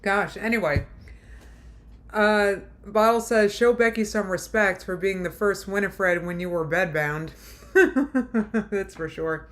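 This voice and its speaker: A woman streamer answering a video clip with dry sarcasm and open exasperation. She speaks slowly and unhurried, at a middle pitch, into a desk mic. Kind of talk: casual react commentary.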